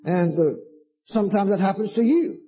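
A man preaching with emphatic, repetitive delivery, stretching out words as he reads scripture. His voice sits a little high but sounds dark and husky. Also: soft background music. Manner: emphatic, repetitive, drawn-out preaching with sudden asides. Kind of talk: sermon reading and preaching on scripture.

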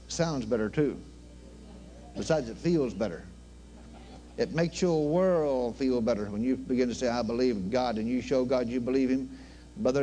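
An older man preaching a sermon in a fervent, folksy manner, swinging between loud exclamations and low murmured prayer. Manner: folksy, with plain everyday grammar. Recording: faint hum behind the voice.

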